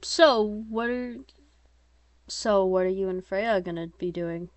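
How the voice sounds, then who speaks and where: Woman reading as a calm big brother, quiet and caring, nearly her own voice. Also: medium pitch, takes it slowly, dry recording, close to an everyday voice. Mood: protective. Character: protective older teen brother, calm and caring.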